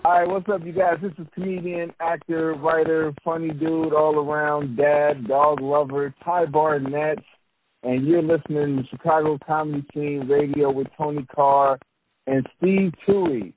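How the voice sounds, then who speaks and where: A man's voice: a little high, fairly even intonation, unhurried. A man giving a laid-back, friendly station intro as a radio show guest. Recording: phone-like, faint noise.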